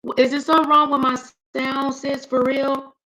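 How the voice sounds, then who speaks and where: A woman's voice: high-pitched, little pitch movement, moderate pace, sharp tone. A woman hosting a casual livestream, chatting straight to her viewers. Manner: chatty, addresses viewers directly. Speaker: livestream host. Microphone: streaming setup.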